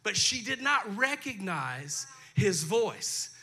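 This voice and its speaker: Male pastor, folksy conversational sermon, high voice, very bright and forceful tone, dry throat. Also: very animated, takes it slowly, husky. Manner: folksy, conversational preaching with asides to the congregation. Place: church sanctuary.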